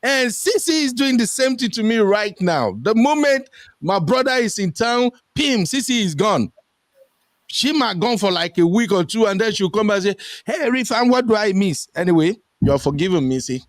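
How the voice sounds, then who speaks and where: Lively Nigerian man hosting a chat. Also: normal speed, dry recording, studio quality. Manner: animated, pitch jumps when quoting people. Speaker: host. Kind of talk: casual chat. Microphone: streaming headset mic.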